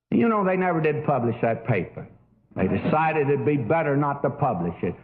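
Older man, preacher, sermon, folksy storytelling, slightly high voice, tinny lo-fi recording. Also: big pitch swings, moderate pace. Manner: folksy, storytelling with many fillers. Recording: tinny phone-like old recording.

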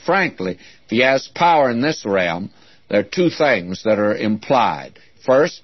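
A man's voice: mid-range voice, no echo. A man preaching an expository sermon as a Bible teacher, in an earnest, folksy way, often calling his listeners "friends". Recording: dull lo-fi recording.

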